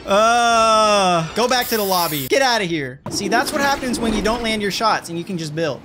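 A young man streaming a video game, loud and hyper, swearing and trash-talking other players as he plays. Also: high-pitched, animated, moderate pace, few pauses. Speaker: gaming streamer. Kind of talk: excited gameplay commentary. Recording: music playing behind.

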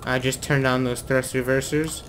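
A man hosting a let's play, commentating excitedly to himself as he flies, at a desk mic at home. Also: medium pitch, moderate pace, a little hiss or hum. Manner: excitable, talks to himself while flying. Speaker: gaming video host.

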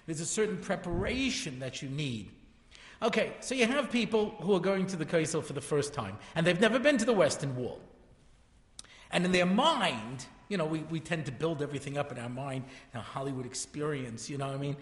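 A man's voice: on the high side, lively intonation, a little fast. A man around sixty, a rabbi telling jokey stories in a lecture to a live audience in a large hall, full of chatty asides and self-interruptions. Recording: echoey hall reverb.

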